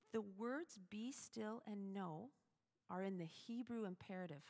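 A woman giving a chatty, animated devotional talk to other women, with sudden loud emphasis on key words. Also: mid-range voice. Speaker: devotional speaker. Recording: long hall reverb.

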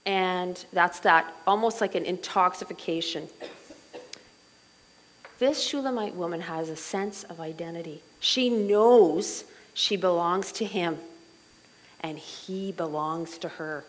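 A middle-aged woman leading a Bible study group in a chatty, animated way, full of asides and fillers. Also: on the low side, slow pace, low-quality recording.

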